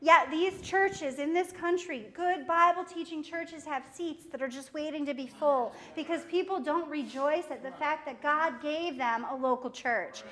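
A middle-aged woman preaching a sermon in a lively way, laughing often and acting out what people say. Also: sits high, a little slow, hardly any pauses. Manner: lively, laughs often, acts out quoted speech.

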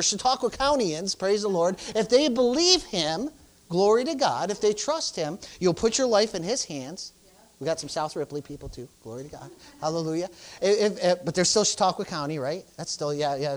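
This is an informal sermon from a pastor with a mid-range voice, who presses the congregation emphatically and keeps dropping in "praise the Lord" and "hallelujah."

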